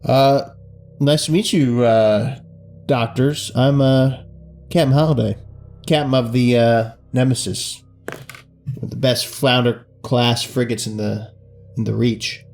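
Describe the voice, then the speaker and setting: A man's voice: medium pitch, steady tone, slow pace, a little mellow, soft background music. Casual man playing a tabletop character. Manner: casual, hesitant, playful in character. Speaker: player. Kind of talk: casual tabletop role-play.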